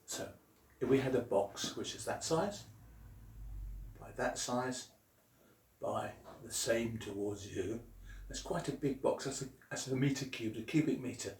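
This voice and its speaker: Jokey science teacher, echoey room. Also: male voice, medium pitch, unhurried, a little mellow, slight background noise. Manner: jokey, punning, explaining while drawing. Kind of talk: comic science lesson. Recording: roomy echo.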